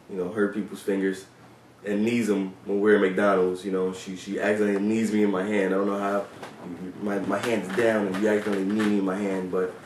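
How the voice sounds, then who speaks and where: A low-pitched man chats casually about his days on the police force, swearing freely and leaning on fillers. His voice sounds set back from the mic. The sound is roomy and echoey. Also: darkish tone, far from the mic, a little hiss or hum. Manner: loose and profane, with many fillers. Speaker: former police officer telling stories. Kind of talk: casual storytelling vlog.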